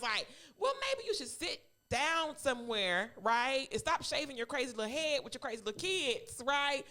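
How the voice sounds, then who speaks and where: A woman's voice: a little high, sing-song, brisk, few pauses, bright, forceful tone. A woman co-hosting a podcast, ranting in casual chat, sassy and repeating herself for emphasis. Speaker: podcast co-host.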